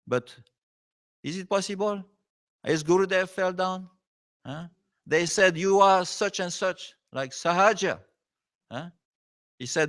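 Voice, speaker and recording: A visiting spiritual teacher, a man, gives a devotional lecture in non-native English, pausing often and checking in with "huh?". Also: fairly high pitch, fairly bright tone. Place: temple hall.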